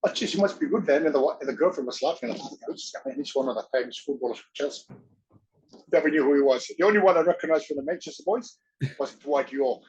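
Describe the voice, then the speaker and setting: A man's voice: on the high side, fast talker, a little hiss or hum. A middle-aged man, an actor and wrestler, chatting as an interview guest, acting out the voices of people in his stories. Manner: animated, acts out others' voices in his anecdotes. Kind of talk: casual storytelling chat. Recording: dull, muffled audio.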